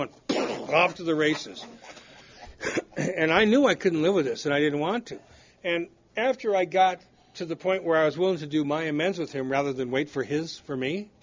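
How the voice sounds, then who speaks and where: Older man, slightly high voice, blunt candid storyteller, self-deprecating, recovery meeting talk, dull lo-fi recording. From United States. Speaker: recovery study speaker. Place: meeting room.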